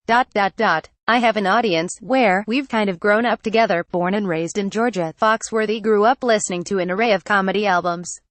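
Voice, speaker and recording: A woman's synthetic-sounding voice reads a news article aloud from start to finish, photo credits and quoted punctuation included. The delivery is flat and read-out, at a middle pitch. The sound is dry and close, with no room around it. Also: fairly quick, few pauses, no echo. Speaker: news reader. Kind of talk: text-to-speech article reading.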